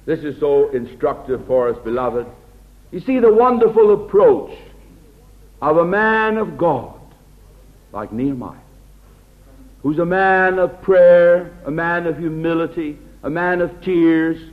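An American man preaching a sermon in an earnest way, often dropping to a hushed, tender tone. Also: a little high, animated, unhurried. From United States. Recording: tinny lo-fi phone-like recording.

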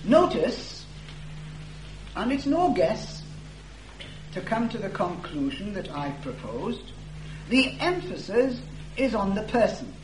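A man's voice: high voice, big pitch swings. A man preaching an expository sermon, his voice rising and falling widely as he stresses each key word. He takes his time over every phrase. The room echoes, with a faint hum underneath. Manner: slow, deliberate, stresses words for emphasis. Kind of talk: expository sermon reading scripture.

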